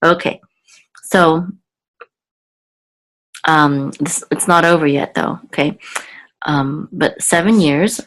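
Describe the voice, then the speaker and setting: A woman with a low voice who talks slowly and patiently, explaining each word as she goes. She pauses often, stops to think aloud and corrects herself mid-sentence. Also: steady tone, fairly bright tone, rough recording. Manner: halting, thinks aloud, frequent ums and self-corrections. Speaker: Hebrew teacher. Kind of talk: slow, patient word-by-word teaching.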